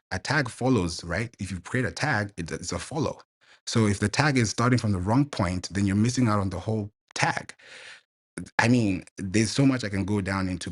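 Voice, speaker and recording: Man, deep low voice, eager guest expert, live online audio chat. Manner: energetic, fast, excitable explaining.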